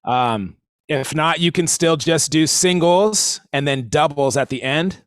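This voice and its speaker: A man's voice: a little high, a little slow, clear, resonant tone, no echo, clean studio sound. A man leading a livestream drum lesson, talking casually as he explains stickings and counts the group in. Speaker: drum instructor.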